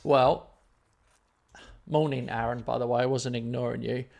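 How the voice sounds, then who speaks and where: A man's voice: medium pitch, fairly even intonation, moderate pace, gravelly, darkish tone. A man telling a story in casual chat on his live stream, rambling and self-deprecating.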